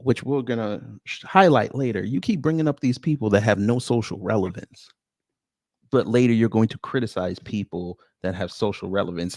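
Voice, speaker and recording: A man's voice: lowish voice, a little mellow, no echo, studio quality. A man hosting a live reaction stream, talking casually and mockingly, often breaking into laughter.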